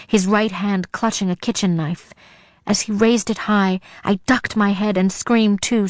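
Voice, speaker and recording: A woman's voice: medium pitch, dry recording. Woman, audiobook narrator, first-person, dramatic, tense, dry recording.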